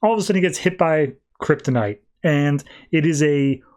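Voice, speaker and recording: Guy on a comics podcast, voice a bit on the high side, just rambling through the plot casual like. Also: normal speed, a little mellow. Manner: loose, rambling summary full of 'he's like' paraphrase. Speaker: podcast host. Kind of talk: casual comic book recap.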